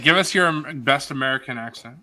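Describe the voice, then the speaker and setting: A man's voice: medium pitch, a little fast, over a noisy crowd, poor audio. A man co-hosting a live stream, bantering and teasing the guest. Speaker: co-host. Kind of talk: casual chat on a live stream.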